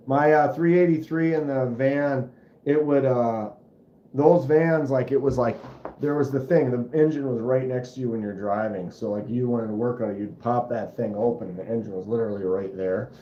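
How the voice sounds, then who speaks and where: A man hosting a casual livestream, chatting in a rambling, animated way and imitating engine noises as he tells stories. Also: medium pitch, moderate pace, a little hiss or hum. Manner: rambling, animated storyteller who mimics engine sounds. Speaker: livestream host. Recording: roomy, slightly dull home stream audio.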